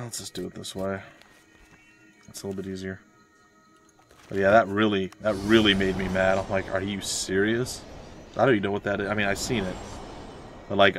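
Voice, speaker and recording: Young man with a lowish voice, chatty and ranty, streaming gameplay. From Florida, USA. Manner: rambling, ranting asides. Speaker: let's play streamer. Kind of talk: casual gameplay chat.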